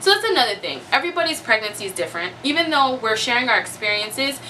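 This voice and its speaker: A young woman vlogger chats casually to camera in a high-ish, pushed, bright voice, talking fast and very animatedly. She laughs often and acts out her own reactions. Her voice is a bit distant from the mic, with faint noise.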